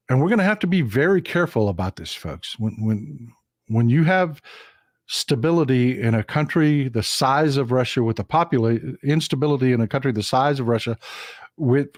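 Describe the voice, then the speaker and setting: A man with a Texan drawl talks straight to his live-stream audience, pressing his points with emphatic repetition. His voice sits at an ordinary middle pitch. The sound is dry and close, with no room around it. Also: no echo. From Texas. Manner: emphatic, repetitive, addresses viewers as folks. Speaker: live-stream political commentator. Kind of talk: casual political monologue.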